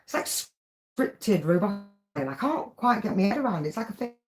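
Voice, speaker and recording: A woman co-hosts a live stream in a mid-pitched voice. Her pitch swings widely as she chats casually and reacts to viewer comments. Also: big pitch swings, fairly quick, darkish tone. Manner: chatty, reads out viewer comments.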